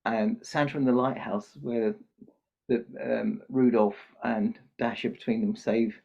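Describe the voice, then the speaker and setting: Speaking a little slowly in a gravelly, darkish medium-pitched voice with fairly even intonation, this older Santa performer acts out characters' lines while recounting a children's story as a podcast guest. The sound is muffled and lo-fi.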